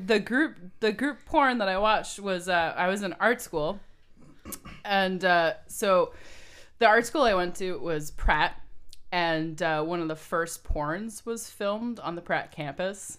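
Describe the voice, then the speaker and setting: A young adult woman speaks in an ordinary middle register, recounting a story in a loose, candid and crude way. She talks casually among friends, sometimes rushing ahead. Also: mid-range voice, a bit bright. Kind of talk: casual chat.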